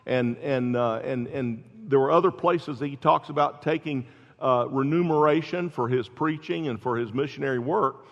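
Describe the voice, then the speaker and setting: A man preaching a sermon, explaining scripture with emphatic rises at key points. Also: creaky. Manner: emphatic, rising in pitch and volume at key points. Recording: dull sound with long reverb in a hall.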